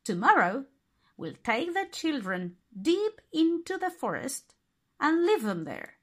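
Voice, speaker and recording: A woman's voice: high-pitched, big pitch swings, slow pace, pitched above the performer's own voice, heavily acted. A woman voicing a harsh, curt stepmother. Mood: cold.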